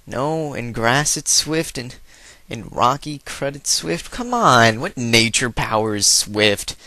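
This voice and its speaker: A man's voice: medium pitch, normal speed, sharp tone, no room sound. Young man rambling jokey game commentary. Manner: rambling, jokey, does silly voices for in-game characters. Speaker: let's play commentator. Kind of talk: casual gameplay commentary.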